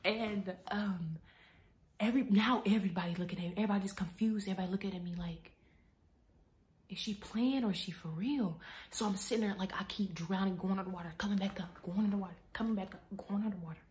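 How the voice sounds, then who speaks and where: Animated young woman telling a story. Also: medium pitch, fast talker. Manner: animated, dramatic, slipping into hushed whispers; chatty, addresses viewers as y'all. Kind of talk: casual storytelling vlog.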